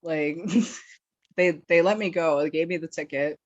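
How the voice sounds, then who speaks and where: A woman's voice: low voice, fairly even intonation, a little slow, no room sound. A woman from Wisconsin telling a story as a podcast guest, casual and rambling, swearing and laughing as she goes. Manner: profane, rambling, laughs often, filler-heavy. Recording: dull, dry lo-fi recording.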